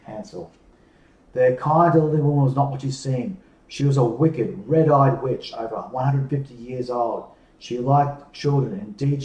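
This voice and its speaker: A man reading a fairy tale aloud in a measured way, pausing for drama, recorded off-mic in an echoey room. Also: medium pitch, darkish tone, recorded from a distance. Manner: measured, slowing for dramatic pauses. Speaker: storyteller. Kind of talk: storybook read-aloud.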